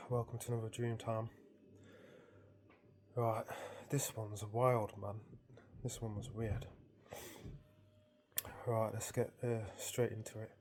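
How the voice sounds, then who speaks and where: A man's voice: fairly low pitch, flat delivery, slow pace, pauses often, darkish tone. A man casually recounting a dream to his viewers, amused and rambling, with frequent restarts. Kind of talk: casual storytelling.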